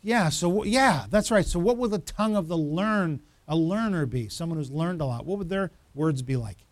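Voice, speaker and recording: A man's voice: a little high, lively intonation, normal speed, dry recording. A man preaching an interactive sermon in church, asking the congregation questions and building to emphatic repetition. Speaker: pastor.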